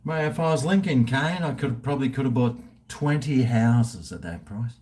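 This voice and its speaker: A man's voice: medium pitch, moderate pace, noisy background. A tipsy man with an Australian accent, rambling and swearing casually while hosting a live stream and reading viewer chat. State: tipsy from drinking. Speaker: livestream host.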